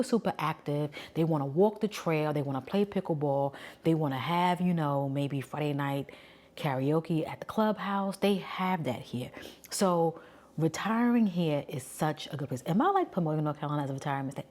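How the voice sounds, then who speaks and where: Forties woman, New York accent, deep-set low voice; casual, candid vlogger talk. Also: expressive, fairly quick. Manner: chatty, candid, thinking out loud.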